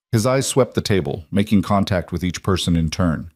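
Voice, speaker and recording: Male narrator, low voice, dry close sound, measured scripted storytelling. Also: lively intonation, darkish tone, no echo.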